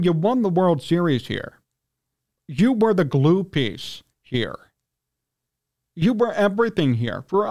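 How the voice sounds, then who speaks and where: A man with a Chicago accent, hosting a sports talk radio show, ranting indignantly and clearing his throat as he gets worked up. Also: darkish tone. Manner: indignant, ranting, pitch jumps when worked up. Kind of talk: heated sports talk rant.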